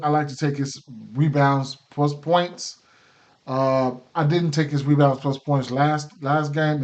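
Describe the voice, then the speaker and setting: A man runs through his sports betting picks in a loose, easygoing way, full of fillers and restarted phrases. His voice sits slightly high for a man, and a case of the hiccups breaks in now and then. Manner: loose, filler-heavy, repeats himself. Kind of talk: casual betting picks talk.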